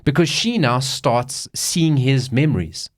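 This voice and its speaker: A man co-hosting a casual podcast, retelling movie plots in an animated way and swearing freely. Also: medium pitch, unhurried. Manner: animated storytelling, swears, acts out quotes. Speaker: podcast co-host. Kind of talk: casual chat.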